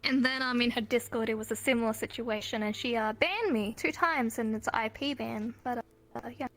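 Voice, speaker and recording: A woman's voice: on the high side, a little fast, a bit bright. A woman guest on a live online talk show, telling stories in a rambling, giggly way. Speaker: interview guest. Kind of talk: casual chat. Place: online voice chat.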